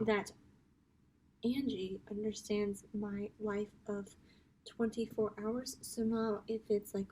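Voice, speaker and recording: A woman's voice: mid-range voice, a little mellow, a little hiss or hum. A young woman chatting casually through a makeup tutorial at home, giggling often and slipping into whispers. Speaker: makeup vlogger.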